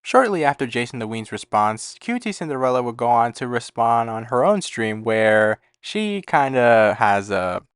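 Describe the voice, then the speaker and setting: A man's voice: medium pitch, very animated, moderate pace, hardly any pauses, clean tone, dry recording, studio quality. A man giving casual, blunt, profanity-heavy commentary on streamer drama. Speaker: commentary YouTuber.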